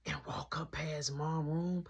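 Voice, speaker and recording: A woman voicing a nervous, sneaky boy who talks in hushed whispers. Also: low voice, fairly even intonation, slow pace, creaky, breathy edge, pitched below the performer's own voice, full character voice.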